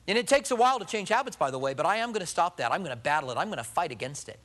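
A male pastor preaching a sermon earnestly, swinging from emphatic lines to hushed, softer ones. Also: sits high, expressive, very fast, few pauses.

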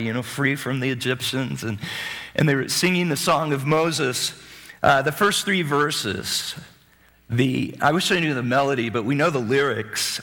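A man preaching a sermon as a pastor, animated, swinging between loud bursts and hushed asides. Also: medium pitch, in a large hall.

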